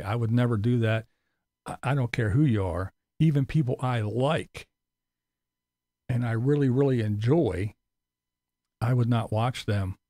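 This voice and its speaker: Gravelly, sarcastic male vlogger. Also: medium pitch, darkish tone, dry recording, studio quality. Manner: sarcastic, profane, exasperated. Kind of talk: casual ranting vlog.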